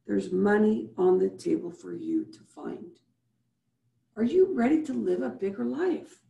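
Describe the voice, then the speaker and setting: A woman's voice: mid-range voice, big pitch swings, measured pace, vocal fry, dark tone, roomy sound, highs cut off. A woman hosting a live video-call show as a business coach, leading listeners through breathing and asking repeated rhetorical questions. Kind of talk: motivational show wrap-up with guided breathing.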